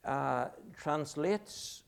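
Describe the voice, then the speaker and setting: A middle-aged man preaching a sermon, slow and deliberate, drawing out key words for emphasis. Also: a little high, lively intonation, creaky, clean tone.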